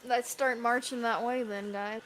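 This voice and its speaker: A woman's voice: on the high side, fairly even intonation, measured pace. A woman player in a tabletop game, friendly and easygoing in casual role-play. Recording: noisy hissy mic.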